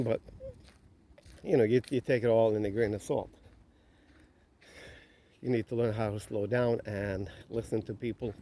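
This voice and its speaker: A man telling a story on a walk, relaxed, with many filler phrases. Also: fairly low pitch. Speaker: vlogger. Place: outdoors on a nature walk.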